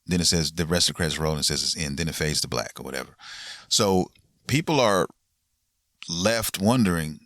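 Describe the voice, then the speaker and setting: A man's voice: low-pitched, brisk, fairly bright tone, no echo, clean studio sound. A man hosting a gaming podcast, casually recapping a game's ending in a laid-back, rambling way with lots of fillers and swearing.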